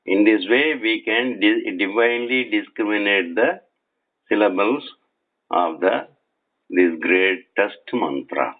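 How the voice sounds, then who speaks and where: A man giving a spiritual lecture while lying in bed, speaking slowly and deliberately and repeating and spelling out words, recorded on a cell phone resting on his chest. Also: on the low side, narrow, tinny audio. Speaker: spiritual teacher. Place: bedroom at night.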